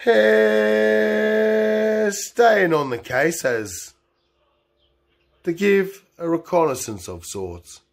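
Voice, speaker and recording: Slow, rambling man. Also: a little high, very animated, slightly rough. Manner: meandering, filler-heavy, swings between loud and murmured. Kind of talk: rambling improvised storytelling.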